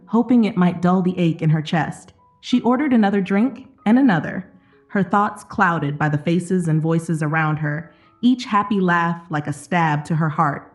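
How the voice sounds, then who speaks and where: A woman narrating an emotional story in a steady, dramatic scripted reading. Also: lowish voice, highs cut off.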